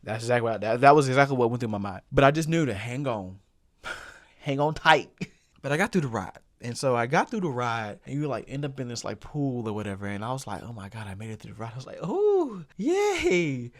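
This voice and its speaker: A man's voice: medium pitch, fast talker, a bit bright, no room sound, studio quality. A young man hosting his own show, telling a personal story casually and repeating phrases for comic effect. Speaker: host.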